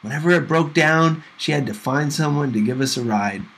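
A man reading a novel aloud for a class, with measured, gentle first-person narration. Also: a little high, slightly rough, rough recording. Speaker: audiobook reader for a class.

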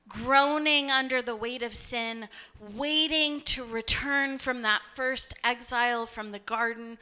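A woman's voice: a little high, pushed and bright. A woman pastor preaching a sermon, telling stories and acting out voices as she goes. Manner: storytelling, acts out voices.

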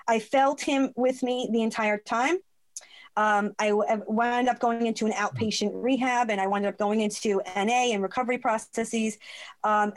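High-voiced woman telling a heartfelt story. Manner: animated, acts out quoted voices. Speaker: guest. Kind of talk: emotional personal storytelling.

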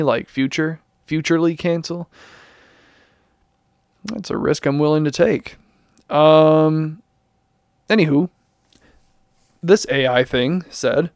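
A man's voice: mid-range voice, dry recording, studio quality. A young man hosting a podcast, reading a text aloud with rambling, jokey asides and frequent stumbles. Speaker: podcast host. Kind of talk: casual commentary, reading aloud.

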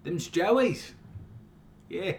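A man putting on a joking Australian persona, talking higher and louder than his usual voice. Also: animated, drawn-out words, gravelly, slight background noise, heavily acted. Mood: jokey.

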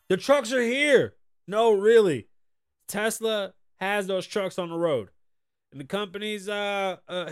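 An American man hosting a podcast, riffing on the news in a loud, profane and excitable way from a studio. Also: high-pitched. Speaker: podcast host. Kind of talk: casual news commentary.

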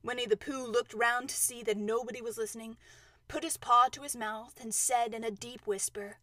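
Woman storyteller, high voice, dry close recording, unhurried read-aloud. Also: fairly even intonation, bright, forceful tone, dry recording. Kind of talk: storybook reading.

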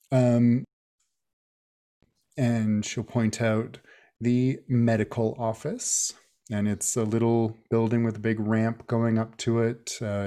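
Man, game master, slow, dark tone, hesitant narration. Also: mid-range voice. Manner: hesitant, many fillers.

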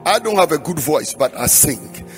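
A man's voice: a little high, big pitch swings, moderate pace. A middle-aged man preaching a sermon in a rhythmic, half-sung style. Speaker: pastor. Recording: long hall reverb, faint music behind.

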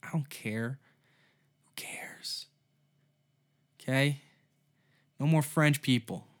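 A man's voice: medium pitch, unhurried. A man with a mid-range voice talks his way through a solo comedy podcast. He rambles loosely, cursing as he goes and sinking into mumbled asides before picking the thread back up. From Canada. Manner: rambling, profane, offhand, trailing off into mumbles. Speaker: podcast host.

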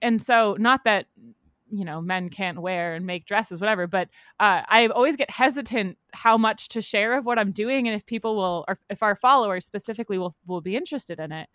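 A woman co-hosting a casual chat, easygoing and quick to laugh, sometimes trailing off quietly. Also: mid-range voice, no echo, clean studio sound. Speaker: podcast co-host, maker.

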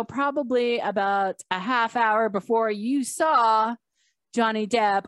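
A woman hosting a podcast, telling a personal story in a casual, animated way and acting out the voices of the people in it. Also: dry recording. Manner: animated, acts out quoted voices with big pitch jumps. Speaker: podcast host.

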